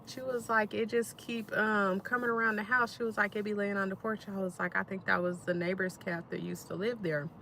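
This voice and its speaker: A woman, telling stories in a relaxed way as she chats to viewers on a live stream. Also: medium pitch, a little fast, creaky, few pauses, a little hiss or hum. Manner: relaxed storytelling, talks straight to viewers. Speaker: livestream host. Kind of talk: casual live-stream chat while eating.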